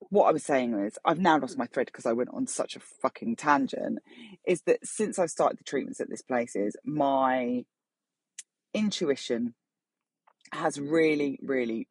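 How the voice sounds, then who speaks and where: A middle-aged woman hosting her podcast, telling a casual story in a sweary, chatty, animated way. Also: very deep voice, unhurried, slightly rough, no echo. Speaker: podcast host.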